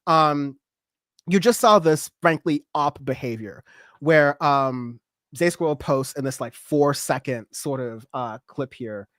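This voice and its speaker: A man's voice: fairly high pitch, takes it slowly, a bit bright, dry recording, studio quality. A man hosting a political livestream, rambling with lots of fillers and sarcastic asides. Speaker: political commentary host. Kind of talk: livestream commentary.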